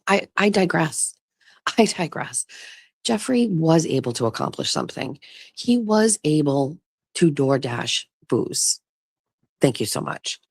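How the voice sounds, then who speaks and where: A woman hosts a casual chat show and tells a long, rambling story. She drops in offhand swears and restarts her sentences often. Her voice has a gravelly fry, and the recording is close and dry with no room sound. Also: deep voice, darkish tone, no echo. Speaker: show host. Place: vacation rental, talking outdoors.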